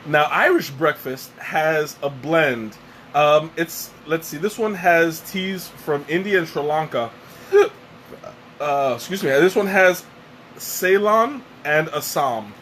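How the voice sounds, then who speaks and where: A man's voice: a little high, animated, takes it slowly, a bit bright, a little hiss or hum. Chatty man hosting a live tea stream. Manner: chatty, self-deprecating, rambling with restarts. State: sweating and catching his breath after choking. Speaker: livestream host. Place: home room with a fan running.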